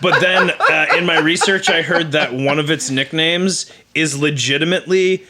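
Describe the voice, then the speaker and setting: A young man co-hosting a history podcast, throwing in quick jokes and rambling asides. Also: fairly high pitch, pushed and bright. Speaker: podcast co-host. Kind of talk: casual comedic history podcast chat.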